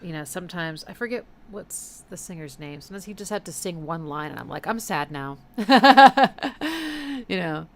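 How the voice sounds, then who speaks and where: Woman host, low-ish voice, loose rambling reaction chat between songs. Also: animated, moderate pace. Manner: rambling, musing, many fillers. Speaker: music stream host. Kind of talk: casual reaction commentary.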